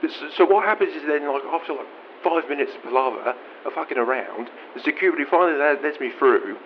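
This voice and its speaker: A man's voice: fairly high pitch, expressive, fast, a little hiss or hum. A young Australian man calling in, telling a comic story in a rambling, incredulous, swear-heavy way. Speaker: radio caller. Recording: dull lo-fi audio.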